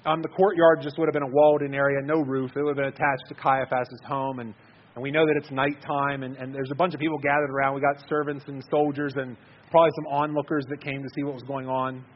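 Male preacher, husky voice, earnest conversational sermon, muffled recording. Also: medium pitch, flat delivery, quick pace. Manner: earnest, conversational, repeats words when stressing a point.

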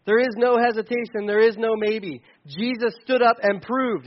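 A man preaching a sermon in a conversational, animated way, sometimes shouting for emphasis. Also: high voice, moderate pace, few pauses, muffled recording. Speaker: pastor.

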